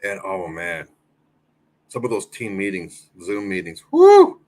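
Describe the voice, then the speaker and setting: A man's voice: low-pitched, wildly swooping pitch, slow, darkish tone, slight background noise. A man co-hosting a casual sports podcast, trading crude laughing banter. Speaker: podcast co-host.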